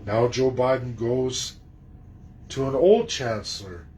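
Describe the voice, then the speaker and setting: A man's voice: mid-range voice, animated, slow, a little mellow, a little hiss or hum, low-quality recording. A man delivering an emphatic, indignant political monologue, throwing rhetorical questions at his audience and swearing freely. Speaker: political commentator.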